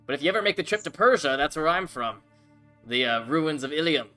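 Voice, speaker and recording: Man playing a laid-back flirty bard, casual, bright tone. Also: fairly high pitch, animated, brisk, faint music behind, pitched above the performer's own voice. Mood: easygoing. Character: easygoing, flirty male bard.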